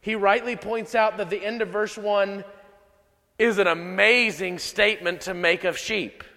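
Slow, high-voiced preacher in a reverberant hall. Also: male voice, steady tone, gravelly, sharp tone. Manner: measured, emphatic preaching with slow repeated key lines. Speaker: pastor. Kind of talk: sermon.

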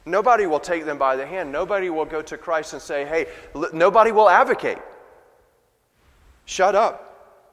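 A man preaching a sermon, swinging between loud emphatic passages and quiet, low asides. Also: quick pace, hardly any pauses. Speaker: pastor. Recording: long reverb of a large hall.

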